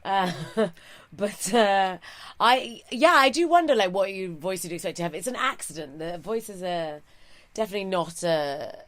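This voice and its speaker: Speaking in a medium pitch at normal speed, this woman sounds expressive and fairly bright. She's a thirtysomething comedian from England with a posh RP accent, doing a stand-up set before a relaxed interview as a guest, where she comes across as wry and self-deprecating.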